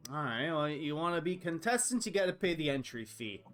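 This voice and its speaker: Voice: mid-range voice, very animated, brisk, fairly bright tone. A game master voicing a crude, mocking masked male rogue who curses and teases, with background music. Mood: scoffing. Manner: cursing, teasing.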